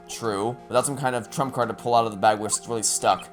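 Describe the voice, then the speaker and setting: A man's voice: mid-range voice, fairly even intonation, fast, over music. A man playing through a video game and reading its dialogue aloud with playful, joking asides. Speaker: let's play gamer.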